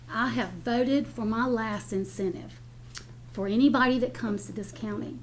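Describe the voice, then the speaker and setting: Older woman commissioner, blunt and emotional, a bit high-pitched, speaking up at a public meeting. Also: slight background noise. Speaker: county commissioner. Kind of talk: impassioned remarks at a public meeting.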